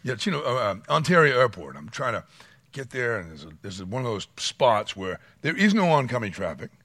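Animated pastor preaching. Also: male voice, medium pitch, brisk, dry recording, studio quality. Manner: animated, dramatic voice swings, acts out quotes. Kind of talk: sermon.

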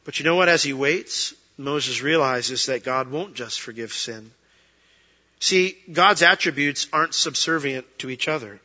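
A man's voice: a little high, animated, unhurried, pushed and bright. A middle-aged man, a pastor preaching a sermon in a conversational way, acting out quoted prayers and excuses. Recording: dull sound with long reverb.

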